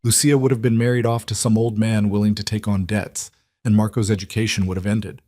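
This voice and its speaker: A man's voice: lowish voice, little pitch movement, a little fast, darkish tone, no room sound, studio quality, natural voice. A man voicing a tearful, remorseful middle-aged mother who pleads with her daughter. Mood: pleading. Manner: pleading, sorrowful.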